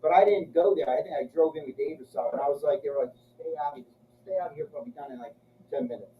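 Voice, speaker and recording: A man's voice: on the high side, fast, slight background noise. Profane man telling stories, echoey. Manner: crude, profane, acts out voices in his stories. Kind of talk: casual storytelling chat. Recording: echoey, muffled room from a distance.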